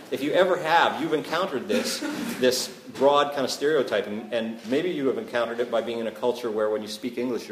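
A man's voice: medium pitch, background noise. A Canadian man preaching a sermon in a conversational way, often checking in with the listeners. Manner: conversational, asks "right?" often. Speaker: pastor. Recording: echoey room, faint ambience.

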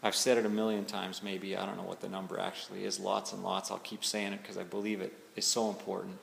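A pastor delivers a sermon with a gravelly, rough-edged voice, talking to the congregation in a searching, conversational way. He drags out key phrases for weight. His voice rings through a reverberant hall with a faint room hum behind it. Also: deep voice, completely flat delivery, fairly bright tone. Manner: conversational and searching, slows down for emphasis. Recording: echoey hall with faint ambience.

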